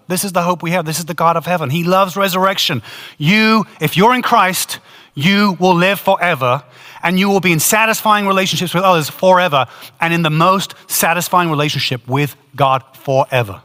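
A male pastor delivers a sermon with a bright, forceful tone and a slightly raised pitch. He tells his story in an earnest, animated way. His voice rings out with the long reverb of a church hall. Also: a little fast.

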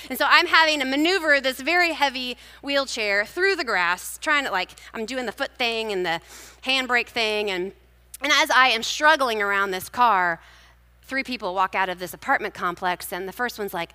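Woman preacher, bright, crisp voice, conversational storytelling sermon, live hall with a long echo. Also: on the high side, animated, normal speed. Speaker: speaker at a church gathering. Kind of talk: personal devotional sermon.

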